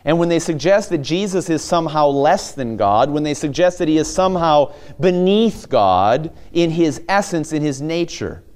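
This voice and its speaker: An earnest male preacher whose voice sits a little high for a man. He moves from hushed, low stretches to raised, emphatic declarations. Scripture readings slow down and get drawn out for weight. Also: expressive. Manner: earnest preaching, swings between soft low passages and raised emphatic ones; reads scripture aloud with drawn-out slow stresses. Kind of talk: sermon.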